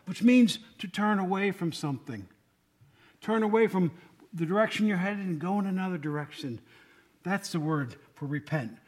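A man giving a casual, joking sermon to a congregation, often asking them questions. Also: sits high. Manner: chatty, joking, asks the room questions. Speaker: lay preacher.

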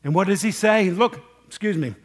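High-voiced man teaching the Bible. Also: a little fast. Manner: conversational, asks the listeners questions.

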